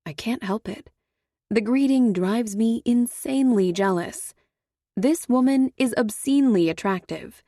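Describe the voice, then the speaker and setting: A woman reads a first-person thriller in a measured voice with a wry edge. She is recorded on a close mic with a dry, dead sound and no room around her. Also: fairly high pitch, mellow, dry recording. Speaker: audiobook narrator. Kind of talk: first-person audiobook narration.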